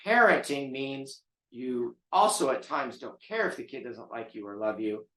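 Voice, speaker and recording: A man's voice: medium pitch, lively intonation, normal speed, sharp tone. A man who trains dogs, talking bluntly and emphatically as he lectures viewers. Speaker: dog trainer. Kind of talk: casual talk to camera. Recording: roomy echo.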